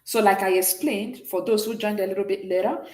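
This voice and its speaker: A woman's voice: mid-range voice, steady tone, a little fast, darkish tone, echoey room. A woman teaching a beginners' French class, patiently explaining and often checking in with "okay?". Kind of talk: online class lesson.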